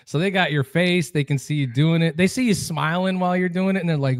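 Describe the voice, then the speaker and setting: A man co-hosting a podcast, chatting in a relaxed, wry, conversational way. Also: on the high side, quick pace, clear, resonant tone, no room sound, studio quality. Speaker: podcast co-host. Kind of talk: casual chat.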